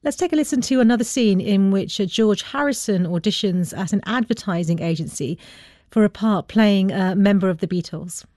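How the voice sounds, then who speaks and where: A woman hosting a radio discussion, calm and measured. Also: mid-range voice, dry recording. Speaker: radio host. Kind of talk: radio presenting. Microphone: studio mic.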